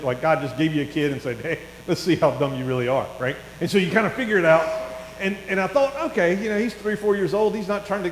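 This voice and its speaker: A middle-aged man preaching a sermon in a church, chatty and telling stories that swell into excited bursts. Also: on the high side. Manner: conversational, rising to excited storytelling. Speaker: pastor. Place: church hall. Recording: echoey hall with faint mains hum.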